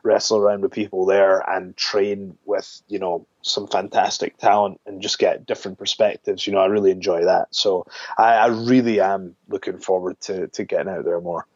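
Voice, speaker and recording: A man being interviewed about his wrestling career, talking in a relaxed, rambling way with many restarts. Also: sits low, moderate pace, no room sound. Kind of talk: casual phone interview. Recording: dull lo-fi dry sound.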